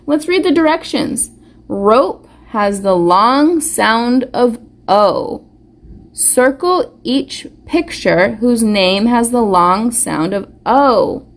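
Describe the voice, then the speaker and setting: A woman teaching a live online phonics lesson to young children, slowly sounding out words and praising them warmly. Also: on the high side, lively intonation. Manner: slow, encouraging, sounds words out carefully. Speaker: preschool teacher. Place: school or home classroom, live stream.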